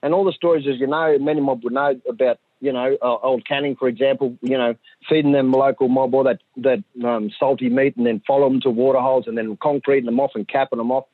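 This community storyteller from Central Australia is a middle-aged man with a husky, medium-pitched voice who speaks quickly. He shares stories in a chatty way, bringing them to life by imitating his sons and others. The audio has no echo and sounds dry and tinny, like a phone line.

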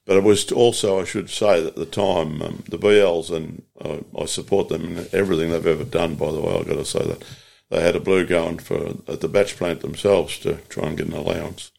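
This is an older Australian man with a very deep, gravelly voice. He is a union organiser being interviewed, and he recalls his working years in a plain-spoken way, often stopping to correct himself. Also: steady tone, a little fast, few pauses, darkish tone. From Latrobe Valley, Australia. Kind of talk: reflective interview storytelling.

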